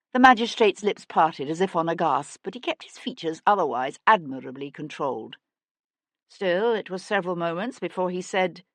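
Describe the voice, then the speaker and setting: A woman reading an audiobook with steady, expressive storytelling narration. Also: lowish voice, normal speed, no echo.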